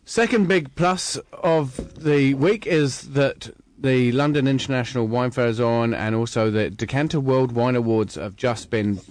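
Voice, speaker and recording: A man's voice: medium pitch, measured pace, few pauses, darkish tone, no room sound. A man talking casually about wine on the radio, hesitant with many fillers and restarts. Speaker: wine commentator. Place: radio studio. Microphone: studio mic.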